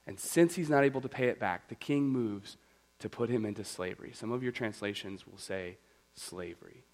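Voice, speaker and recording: Animated, conversational male pastor. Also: lowish voice, moderate pace, low-quality recording. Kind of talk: sermon.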